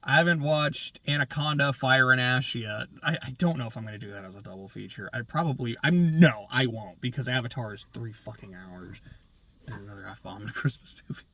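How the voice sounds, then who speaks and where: A young man chatting casually on his own show, rambling and correcting himself often, his voice trailing off quietly at the ends of thoughts. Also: mid-range voice, fairly quick. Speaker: podcast host. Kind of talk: casual solo chat.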